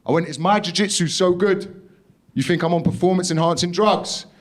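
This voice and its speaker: A young man doing a stand-up comedy set, brash and sweary, putting on loud voices for the people in his stories. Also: high voice, steady tone, normal speed. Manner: brash, swearing, acts out others in raised voices. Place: comedy club stage.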